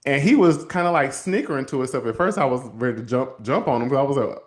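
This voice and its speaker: A man hosting a show and telling a story from his counseling work in a lively, casual way, calling his listeners y'all. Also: medium pitch, quick pace. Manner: animated, addresses listeners as y'all, acts out quotes. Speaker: host and counselor.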